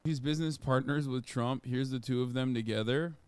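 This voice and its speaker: A man riffing sarcastically on a live stream, casual and prone to swearing. His voice is smooth and resonant at a middle pitch, recorded dry and close. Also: brisk, dry recording.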